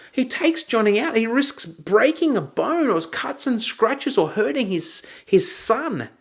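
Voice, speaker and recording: A man coaching a group, teaching with acted-out examples and raising his voice for quoted lines. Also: high-pitched. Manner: animated, acts out shouted quotes.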